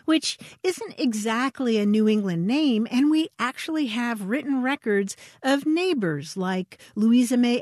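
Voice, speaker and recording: Lively, laughing woman radio co-host. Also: fairly high pitch, no echo, studio quality. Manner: chatty, laughs easily. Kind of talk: casual radio chat.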